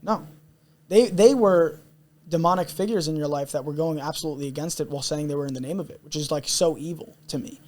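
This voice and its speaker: A man's voice: a little high, quick pace, darkish tone. Earnest intense young man. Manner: intense, earnest, repeats himself. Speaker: podcast guest. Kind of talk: candid storytelling.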